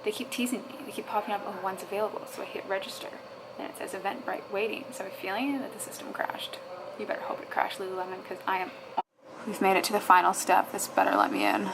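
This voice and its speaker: A woman's voice: medium pitch, animated, quick pace, gravelly, very noisy. A woman vlogging casually, talking to herself and her viewers, exasperated and swearing as she tries to register online. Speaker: fitness vlogger. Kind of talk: casual vlog commentary.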